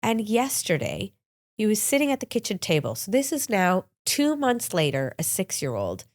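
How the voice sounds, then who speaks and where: A woman's voice: mid-range voice, huge pitch swings, normal speed. A woman hosting a podcast, candidly telling personal stories in a chatty, open way, sounding a little congested and sniffly. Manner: chatty, open, with frequent "like" and restarts. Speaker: podcast host.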